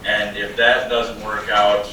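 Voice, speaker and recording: A man's voice: on the low side, flat delivery, takes it slowly, sharp tone, a little hiss or hum. A man on a city board, joining a public meeting by remote call and speaking plainly and directly. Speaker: board member. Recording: very echoey, distant sound.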